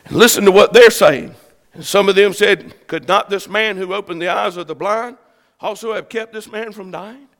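A man preaching a sermon as pastor, building to shouted peaks. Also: sits high, moderate pace, big-room sound.

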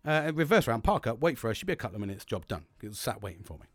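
A man's voice: mid-range voice, racing, no echo. A man telling a long story in a rambling monologue, swearing freely and acting out what people said. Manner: rambling, swearing, animated, acts out quotes.

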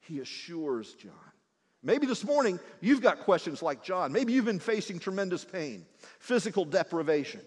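A man preaching a sermon from the pulpit, swinging between loud emphasis and hushed, quiet lines. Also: high-pitched. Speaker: pastor. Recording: long hall reverb.

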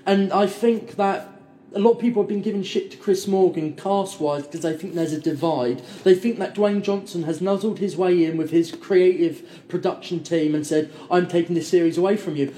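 A man's voice: high voice, moderate pace, mellow. A man chatting casually about films as a podcast co-host, rambling and enthusiastic. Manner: enthusiastic, rambling, quotes people in put-on voices. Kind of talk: casual film chat. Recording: echoey room.

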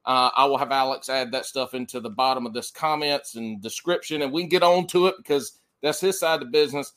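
A man's voice: mid-range voice, fairly bright tone. A man with a Southern US accent hosting a podcast in loose, joking casual chat, swearing freely. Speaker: podcast host.

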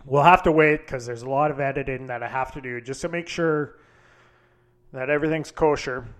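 A man's voice: medium pitch, steady tone, brisk, fairly bright tone. A man hosting a solo podcast, telling a story in a casual, candid way with frequent fillers and swearing. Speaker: podcast host.

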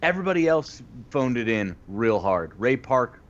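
A man's voice: mid-range voice, moderate pace. A man in a casual podcast chat who argues his points with emphatic conviction. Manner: animated, emphatic arguing. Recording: dull lo-fi audio.

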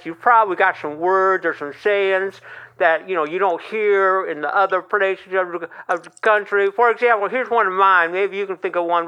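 A man's voice: high-pitched, sharp tone, smooth, dull audio. A man voicing a humble, gushing Southern country fellow with an Ozark accent who rambles and stammers. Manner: rambling, stammering, self-deprecating. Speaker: honorary podcast member.

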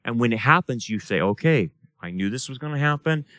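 A pastor's Bible study sermon unfolds casually in a church or study room as he quizzes the class and dramatizes quoted dialogue with different voices. He speaks in a mid-range voice that is animated, fairly bright, and a little fast, recorded without echo.

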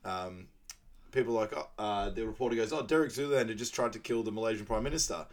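A man with a low-set voice chats through a film's plot on a podcast. He laughs easily and slips into the characters' lines as he goes. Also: fast talker. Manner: laughs at his own retellings, acts out quotes. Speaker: podcast co-host. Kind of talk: casual movie recap chat.

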